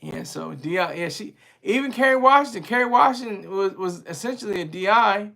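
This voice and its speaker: Gravelly-voiced man chatting on a livestream. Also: sits high, expressive, bright, forceful tone. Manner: rambling, chatty, quick to laugh. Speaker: livestream host reading viewer chat. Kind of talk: casual livestream chat with viewers.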